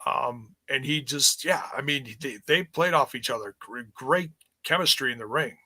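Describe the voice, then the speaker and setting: Bright-voiced man chatting casually. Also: medium pitch, moderate pace, no room sound. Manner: chatty, rambling, laughs often. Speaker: podcast co-host. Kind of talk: casual wrestling review chat.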